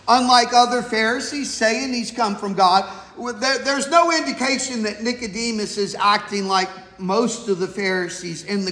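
A man with a high voice preaches in a relaxed, folksy way, reading scripture and turning to his listeners with questions. The sound rings through a large, echoey hall with a long tail of reverb. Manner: folksy, conversational, asks the congregation questions. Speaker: pastor.

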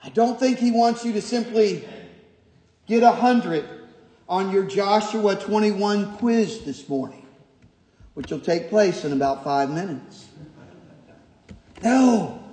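A male pastor preaching a sermon, emphatic and repetitive, moving from quiet stretches to shouted points. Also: sits high, expressive, slow pace, pauses often. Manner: emphatic, repeats key phrases, shifts from quiet to shouting. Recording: echoey hall.

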